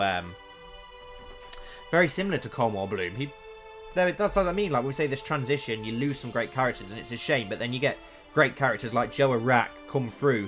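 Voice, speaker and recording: Chatty man narrating a strategy game. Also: medium pitch. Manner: chatty, thinking aloud, easily excited. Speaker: let's play streamer. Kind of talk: casual gameplay commentary.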